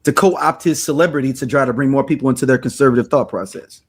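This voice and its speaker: A man's voice: mid-range voice, quick pace, slightly rough. A man hosting a podcast, joking and telling stories in loose, casual chat. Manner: loose, joking, animated storytelling. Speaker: podcast host.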